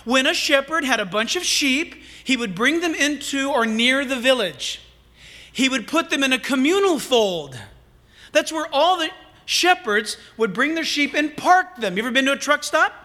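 Animated high-voiced male pastor preaching. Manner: animated, humorous preaching with asides. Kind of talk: sermon.

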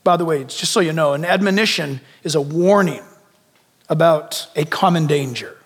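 A man's voice: on the high side, normal speed. A male pastor preaching a sermon, emphatic, repeating phrases and asking rhetorical questions of the congregation. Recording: long hall reverb.

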